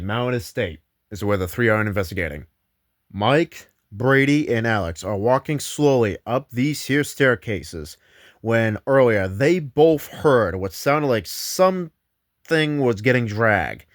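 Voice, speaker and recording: A man's voice: lowish voice, no echo, clean studio sound. A man narrating a paranormal investigation in a casual, rambling way, correcting himself as he goes. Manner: rambling, loose, self-correcting.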